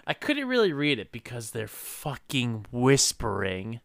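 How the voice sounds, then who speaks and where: A man's voice: medium pitch, huge pitch swings, measured pace, vocal fry, a bit bright, no room sound, studio quality. A man co-hosting a podcast, recapping a movie in casual, profane banter, laughing often and searching for words mid-sentence. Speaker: podcast co-host.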